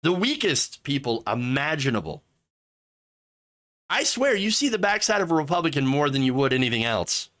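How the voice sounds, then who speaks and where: A man's voice: a little high, sing-song, normal speed, fairly bright tone. A man hosting sarcastic political commentary, mocking and mimicking the people he talks about. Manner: mocking, with exaggerated mimicking voices.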